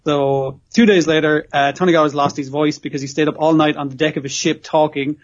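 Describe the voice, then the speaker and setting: A man's voice: on the high side, fairly even intonation, fairly quick, dull audio. A man co-hosting a podcast, rambling through an episode recap with constant swearing and frequent laughs. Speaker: podcast co-host. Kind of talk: casual chat recapping an episode.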